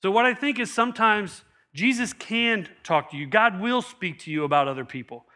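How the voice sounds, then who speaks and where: A middle-aged man, a pastor, preaching a sermon with animated storytelling and acted-out quotes. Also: sits high, moderate pace.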